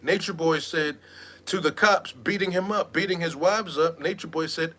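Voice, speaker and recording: A man with a bright, forceful voice runs an animated gossip commentary, mocking and slangy. His pitch sits a bit high for a man. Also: moderate pace. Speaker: online commentator.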